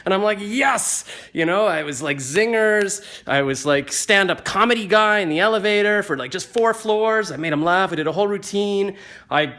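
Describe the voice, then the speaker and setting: A man's voice: high voice, normal speed. Rambling self-mocking man on a phone. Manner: rambling, self-mocking, gets louder and livelier as the story builds. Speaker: vlogger. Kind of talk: casual storytelling. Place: indoors at home, just back from the gym. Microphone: phone held in hand, close to face.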